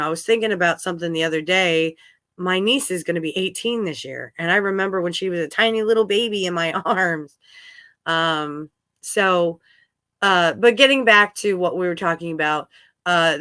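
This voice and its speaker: Woman, 30s, podcast host, bright, clear tone, dry close sound, open and rambling. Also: on the low side, no echo. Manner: rambling, open, with frequent fillers. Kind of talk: candid conversational talk.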